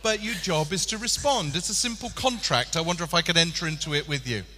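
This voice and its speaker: A man's voice: fairly high pitch, fast, pushed and bright. A man running a live training workshop on stage, jokey and teasing with his audience. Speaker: workshop presenter. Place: large hall with a live audience. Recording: reverberant hall, faint noise.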